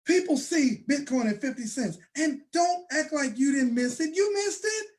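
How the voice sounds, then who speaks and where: Emphatic man pitching to a crowd. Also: animated. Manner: emphatic, preacher-like, with bursts of shouting and slow stressed phrases. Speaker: presenter. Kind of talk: motivational sales talk to an audience.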